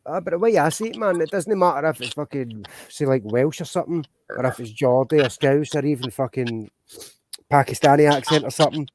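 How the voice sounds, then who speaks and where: A Scottish man hosting a crude live-stream chat, swearing and bantering loudly with his guests. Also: a little high, a little fast. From Scotland. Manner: sweary, laughing, loud banter.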